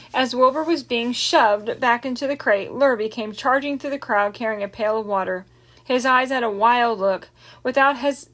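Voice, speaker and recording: A woman reads a classic children's novel aloud in a fairly high, bright voice. She narrates gently and expressively, slowing down on important words. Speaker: audiobook reader. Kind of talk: storybook read-aloud narration.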